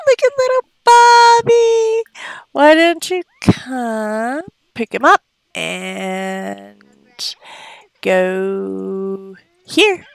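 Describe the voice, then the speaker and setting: A let's play host with a medium-pitched, creaky, fairly bright voice gives casual gameplay commentary. She's chatty, gasps often, and coos at the game characters. The sound is clean with no echo.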